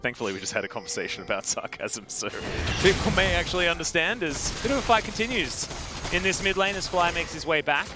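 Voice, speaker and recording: A man giving fast, excitable play-by-play commentary on an esports match, rising sharply on big plays. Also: high-pitched. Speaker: esports caster. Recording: game music behind.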